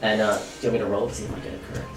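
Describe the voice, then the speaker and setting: A man's voice: fairly low pitch, flat delivery, racing. A man playing a tabletop game, chatting in a casual, laid-back way with plenty of fillers. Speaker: player. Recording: roomy sound, distant mic, music behind.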